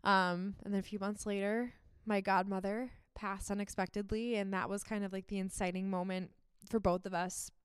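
A woman's voice: medium pitch, little pitch movement, normal speed, few pauses, clear, resonant tone, dry recording, studio quality. A young woman talking on a faith podcast, heartfelt and emotional, with lots of "um" and "like". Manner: heartfelt, emotional, many fillers like "um" and "like". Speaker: podcast co-host.

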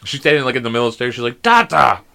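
A man in his thirties tells stories on a casual podcast. He is animated and curses often. His voice is bright and forceful. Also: mid-range voice, rapid-fire, clean tone. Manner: animated storytelling, swears a lot. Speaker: podcast host.

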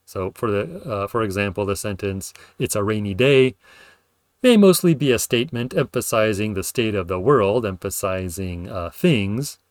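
Man, low voice, casual lecture, fillers and restarts, dry close mic. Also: no room sound. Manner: thoughtful, lots of fillers and self-corrections; acts out example sentences with playful intonation. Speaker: podcast host explaining linguistics.

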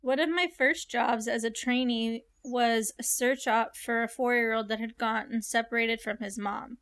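Young woman, high voice, casual podcast chat, animated, curious, swears casually. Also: normal speed, smooth. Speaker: podcast host reading and reacting to a story. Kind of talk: casual chat with story reading.

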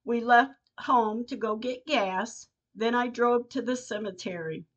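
A woman's voice: fairly high pitch, a little slow. An older woman, a podcast host, reading her personal diary entries aloud in an earnest, heartfelt way. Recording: dull lo-fi recording.

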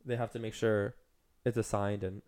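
A man's voice: lowish voice, little pitch movement, moderate pace, darkish tone. A man co-hosting a podcast in casual chat, rambling with lots of "like" and "um". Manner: rambling, heavy use of "like" and "um". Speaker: podcast co-host.

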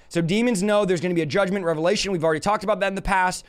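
High-voiced man preaching with emphasis. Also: fast talker, few pauses. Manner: emphatic, asks the audience rhetorical questions. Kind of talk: live-stream Bible teaching.

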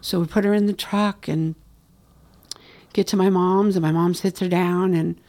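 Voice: medium pitch, steady tone, moderate pace, a little mellow. A guest in an interview telling an emotional personal story and often acting out what people said. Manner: emotional, reenacts dialogue.

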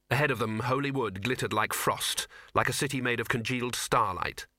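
Bright expressive male audiobook narrator. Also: medium pitch, a little fast, few pauses, no echo, clean studio sound. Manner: expressive storytelling. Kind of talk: scripted narration.

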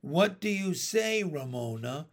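A man voicing a gentle kindergarten teacher. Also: a little high, sing-song, slow pace, full character voice. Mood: reassuring. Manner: gentle, reassuring. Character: kind patient female kindergarten teacher.

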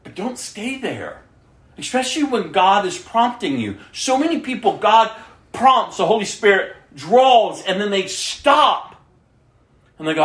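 Woman preacher, lively swooping pitch, drawn out emphatic delivery, echoey room. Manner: slow, emphatic, acts out quoted prayers. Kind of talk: sermon. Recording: roomy echo.

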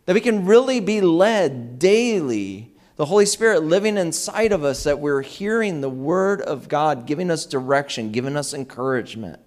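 A man preaching a sermon as pastor, telling lively personal anecdotes and acting out the dialogue. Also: fairly high pitch, normal speed, hardly any pauses. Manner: animated anecdotes with acted-out dialogue. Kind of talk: conversational sermon storytelling.

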